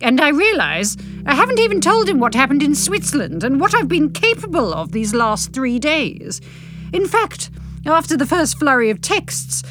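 A woman reading a first-person novel aloud, expressive and playful, with casual asides. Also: high voice, a little hiss or hum. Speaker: audiobook narrator.

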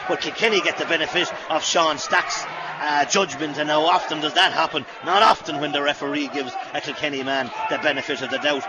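Irish man calling a hurling match. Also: a little high. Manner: rapid, rising to shouts at big plays. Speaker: radio match commentator. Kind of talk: live play-by-play commentary. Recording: lo-fi radio broadcast with loud crowd. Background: loud stadium crowd.

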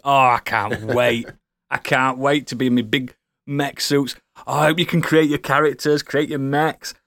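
A man co-hosting a casual gaming podcast, excitable and jokey, laughing often. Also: medium pitch, moderate pace, no room sound, clean studio sound. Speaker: podcast co-host. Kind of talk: casual chat.

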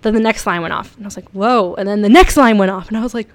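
A young woman from South Florida telling stories casually to her viewers, chatty and excitable, laughing often. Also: mid-range voice, rapid-fire, no echo. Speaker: vlogger. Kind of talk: casual storytelling.

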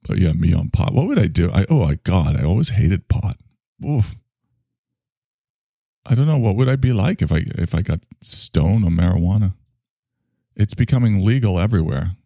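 Gravelly, sardonic male podcast host. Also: low voice, animated, normal speed, long pauses, dark tone, no echo, studio quality. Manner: sardonic, self-mocking, sighing. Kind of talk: rambling solo podcast monologue.

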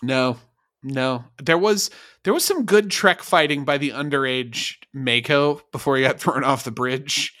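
A man co-hosting a podcast, recapping a TV episode in animated, laughing, profane casual chat. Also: medium pitch, measured pace. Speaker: podcast co-host.

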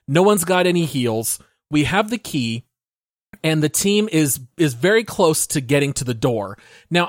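A man co-hosting a gaming podcast, telling a game story in a relaxed, detailed way. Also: on the high side, no room sound, clean studio sound. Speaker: podcast co-host. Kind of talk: casual gaming podcast chat.

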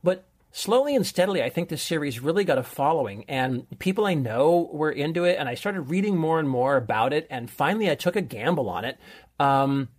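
A middle-aged man with a slightly high, expressive voice talks fairly quickly while co-hosting a podcast. In casual, enthusiastic chat he recommends a show, rambling like a storyteller as a film recommender.

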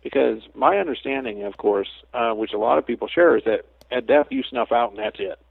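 A man talking as a guest psychic medium in a casual interview, a chatty storyteller who slips into lively quoted asides. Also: medium pitch, brisk, creaky, slightly rough, no echo. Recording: tinny phone line, dry.

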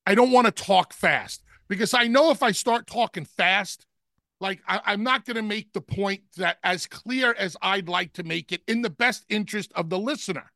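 Gravelly, bright-toned wrestling analyst man. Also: sits high, no echo, clean studio sound. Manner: deliberate, slows down to make points. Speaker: podcast co-host, wrestling analyst. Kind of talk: casual wrestling talk.

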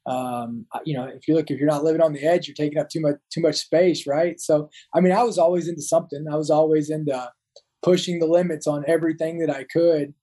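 A man's voice: fairly high pitch, fairly even intonation, fast, dark tone, rough recording. A man in his thirties, a Marine veteran, talking as a guest in an interview, often restarting and repeating words. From United States. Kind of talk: casual interview talk.

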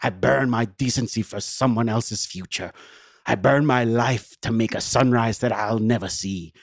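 A man's voice: mid-range voice, no echo, lightly acted. A man putting on a grave, brooding voice for a weary older rebel spymaster on a podcast. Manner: brooding, grave, slow-building delivery.

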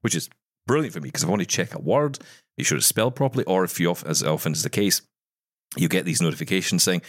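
A man with a very deep voice chats casually as a podcast co-host. He tells stories and drops jokey asides. The sound is dry and close. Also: expressive, very fast, no echo. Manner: chatty, storytelling, jokey asides. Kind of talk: casual chat.

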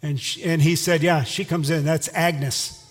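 A man's voice: a little high, fairly even intonation, a little slow, long reverb tail. A male pastor preaching a sermon, telling a story and then leading an earnest prayer.

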